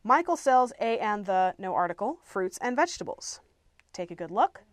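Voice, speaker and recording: A woman's voice: mid-range voice, very animated, normal speed, dry recording. Patient woman teaching English grammar. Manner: clear, patient explaining with playful asides. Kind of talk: grammar lesson.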